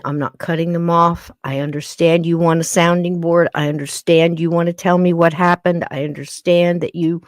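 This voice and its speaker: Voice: mid-range voice, no room sound, clean studio sound. A podcast host talking to a live-stream chat in a blunt, emphatic way, repeating points for weight.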